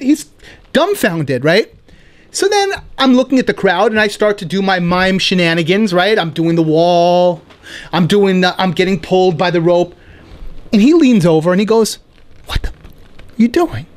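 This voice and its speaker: A man hosting his own podcast, telling a playful comic story in a casual, animated way with frequent "right?" asides. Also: high-pitched, moderate pace. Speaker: podcast host.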